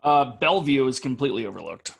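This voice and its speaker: A man with a mid-pitched voice tells stories with eager energy, tripping over repeated words. He chats casually with friends on a podcast. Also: expressive, fast, vocal fry, background noise. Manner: enthusiastic storyteller who stumbles over repeated words. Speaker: podcast co-host. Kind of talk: casual group chat.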